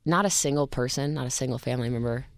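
Earnest woman guest, halting heartfelt story. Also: very deep voice, vocal fry, no echo. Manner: earnest, halting, many restarts and fillers. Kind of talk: emotional interview storytelling.

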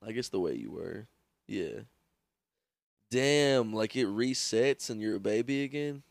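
A man's voice: fairly low pitch, lively intonation, measured pace, vocal fry, no room sound. A young man co-hosting a podcast, chatting in a giggly, crude, casual way. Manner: giggly, crude, bouncy delivery. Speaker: podcast co-host. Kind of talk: casual chat.

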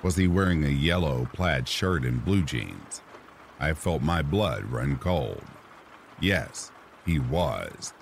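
Man, extremely low voice, calm bedtime horror narration, soothing, faint hiss behind. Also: takes it slowly, creaky. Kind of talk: calm sleep-story narration. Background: rain sounds.

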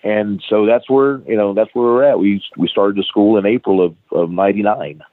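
A man's voice: fairly low pitch, fairly quick, no room sound. Middle-aged man, tinny phone line. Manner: profane, animated anecdote with acted-out quoted dialogue. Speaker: guest, wrestling trainer. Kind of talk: casual storytelling interview.

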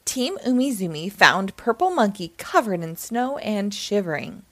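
A woman reading a children's picture book aloud, gentle and expressive. Her pace is slow and her pitch rides up and down in a lively way. The sound is dry and close. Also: no room sound. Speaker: storyteller.

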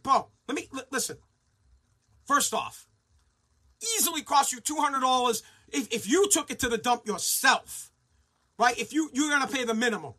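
A man's voice: very high-pitched, normal speed, sharp tone. A man hosting a talk show, ranting angrily and sarcastically, mocking people in put-on voices. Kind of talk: profane rant.

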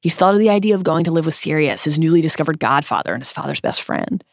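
A woman's voice: deep voice, expressive, quick pace, creaky, no room sound, studio quality. Earnest woman reading a scripted essay. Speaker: podcast co-host.

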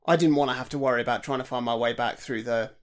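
Man, mid-pitched podcast co-host, dry jokes. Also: steady tone, fast talker. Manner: dry, joking. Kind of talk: casual chat.

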